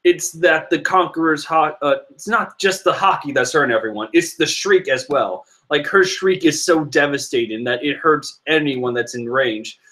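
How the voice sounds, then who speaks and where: Vlogger man, higher-pitched voice, excitable rambling comic commentary, quick laughs. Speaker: manga reaction vlogger. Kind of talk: casual comic reading commentary.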